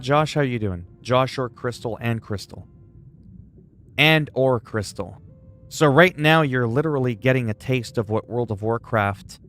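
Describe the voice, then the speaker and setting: A Canadian livestreamer chats casually with viewers while playing a video game, rambling and greeting them by name. His voice is medium in pitch and a bit bright.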